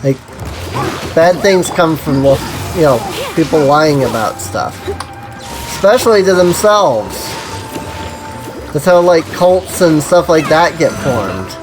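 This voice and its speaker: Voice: mid-range voice, expressive, takes it slowly, long pauses, poor audio. A game streamer giving casual live-stream commentary, rambling with lots of "like" and an irritated, coughing throat. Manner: rambling, heavy use of "like". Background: game music.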